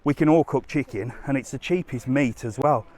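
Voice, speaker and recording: A man chats and rambles cheekily in a live vlog while walking a seaside resort promenade with his handheld phone. His voice is medium in pitch, a little fast, with a darkish tone.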